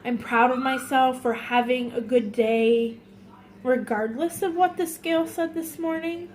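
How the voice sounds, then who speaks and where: Tearful and high-voiced, a woman confides in her vlog audience, faltering as she speaks. The delivery is emotional and halting, with frequent repetition.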